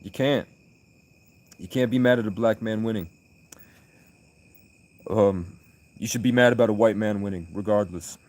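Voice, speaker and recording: Rambling low-voiced man on a late-night livestream. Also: normal speed, long pauses. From United States. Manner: rambling, loud bursts of laughter.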